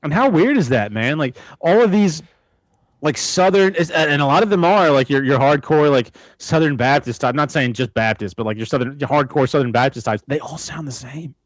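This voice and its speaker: A podcast co-host talks in a high, animated voice. His manner is crude and mocking. The sound is dry and close to the mic. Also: a little fast, no echo. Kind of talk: casual chat.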